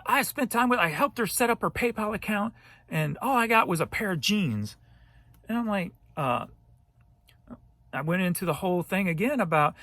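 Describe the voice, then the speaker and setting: A man, a thrift reseller, telling a story straight to camera in a casual, animated way, cursing now and then. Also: sits high, dry recording. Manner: animated, profane ranting retelling.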